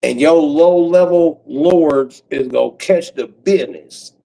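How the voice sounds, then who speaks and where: A man in his forties doing a profane comedic rant on a livestream, breaking into cackles and swinging from loud outbursts to low mutters. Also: slow pace, gravelly, poor audio. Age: 40s.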